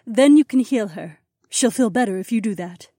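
A man voicing a calm, sensible young princess who gently reassures and advises in an audiobook. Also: sits high, normal speed, dry recording, clean studio sound, pitched above the performer's own voice. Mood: advising.

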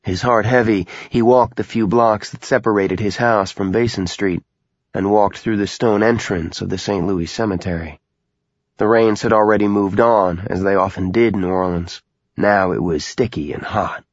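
A man narrating an audiobook in a measured, somber, steady way. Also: on the low side, dry recording, highs cut off.

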